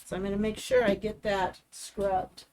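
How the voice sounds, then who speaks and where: A woman's voice: medium pitch, flat delivery, moderate pace, darkish tone, a little hiss or hum. Chatty woman demonstrating a craft. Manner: chatty step-by-step explaining. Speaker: craft host.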